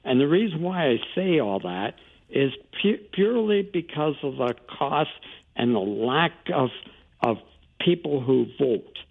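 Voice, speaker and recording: Gravelly male caller on a phone line. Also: fairly high pitch, sing-song, unhurried. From Canada. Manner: hesitant, restarting often. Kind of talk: call-in radio talk.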